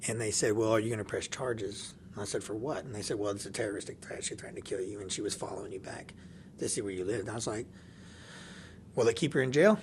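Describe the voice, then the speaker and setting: A man's voice: on the low side, fairly even intonation, quick pace, a little mellow, a little hiss or hum. A man telling a personal story in casual chat, laughing often and acting out the dialogue of the people in it. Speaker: podcast guest.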